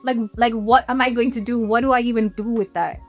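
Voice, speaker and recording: Animated woman reacting with high-pitched voice. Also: fairly quick, soft background music. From Jamaica. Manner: animated, emphatic, repeats phrases. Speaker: reaction video co-host. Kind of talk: casual reaction chat.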